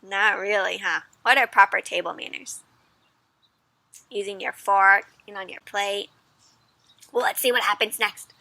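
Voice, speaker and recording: A young woman hosting an interactive children's read-aloud, animated and teacherly, stopping to ask the listener questions. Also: mid-range voice, unhurried, pauses often, no echo.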